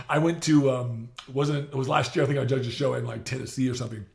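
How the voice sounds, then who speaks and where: A man's voice: medium pitch, fairly even intonation, a little fast, creaky. A middle-aged man hosting an interview in casual chat, rambling with many restarts and laughing often. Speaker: podcast host.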